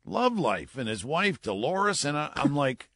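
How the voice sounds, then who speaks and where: A middle-aged man, a veteran broadcaster, telling an animated anecdote and acting out the voices of the people in it. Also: fairly high pitch, a little slow, background noise. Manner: lively anecdote-teller who acts out voices. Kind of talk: animated storytelling.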